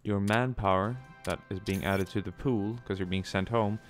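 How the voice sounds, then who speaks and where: A man's voice: lowish voice, fairly even intonation, moderate pace, soft background music. A man giving casual gameplay commentary, chatty, with many ums and joking asides. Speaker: let's play gamer.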